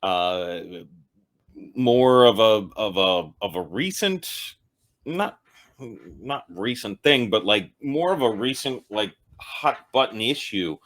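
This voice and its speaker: A man's voice: fairly low pitch, sing-song, slow pace, fairly bright tone. A tipsy man hosting a comedic ranking show, rambling loosely and poking fun at himself. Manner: rambling, loose and self-mocking. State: tipsy from drinking. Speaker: host ranking TV episodes. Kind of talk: casual comedic ranking monologue.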